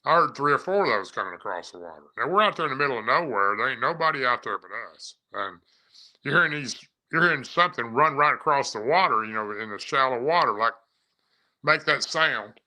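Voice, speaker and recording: A man's voice: mid-range voice, lively intonation, brisk, pushed and bright, rough recording. A man telling his own encounter story in a casual, rambling way, often repeating and restarting his phrases. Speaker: eyewitness recounting an encounter. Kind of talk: casual first-person storytelling.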